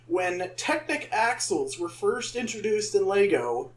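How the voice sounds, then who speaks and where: A man co-hosting a podcast, chatting casually and joking excitably. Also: high voice, echoey room. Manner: excitable, quick to joke. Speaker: podcast co-host. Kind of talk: casual chat.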